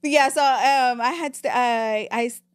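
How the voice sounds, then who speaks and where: A young woman, telling her story as a podcast guest in a rapid, animated way and switching between English and Spanish. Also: a little high, clear, resonant tone, no echo, studio quality. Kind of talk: casual interview storytelling.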